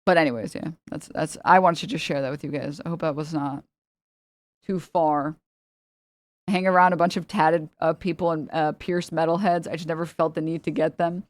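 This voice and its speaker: A woman's voice: low voice, steady tone, normal speed, no echo. A woman livestreamer chatting casually with her viewers, blunt and profane, with frequent laughs.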